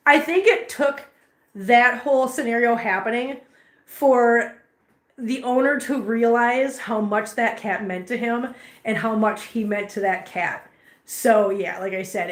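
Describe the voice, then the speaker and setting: Emotional chatty woman in an echoey room. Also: on the high side. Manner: emotional, chatty storytelling, addresses viewers directly. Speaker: cat rescue vlogger. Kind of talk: casual live-stream chat to viewers. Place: indoor cat room. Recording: echoey room with faint ambient noise.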